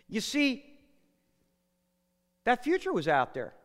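A man delivers a sermon like a conversation, retelling a story and acting out the lines. His voice sits high and moves a lot in pitch. A long hall reverb trails every phrase. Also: big pitch swings, slow, long pauses. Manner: conversational storytelling with acted quotes and asides. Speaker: preacher.

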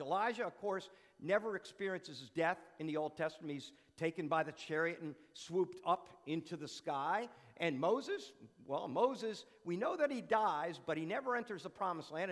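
Animated high-voiced preacher, hall echo. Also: male voice. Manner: animated, asks rhetorical questions, repeats phrases for emphasis. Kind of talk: conversational sermon.

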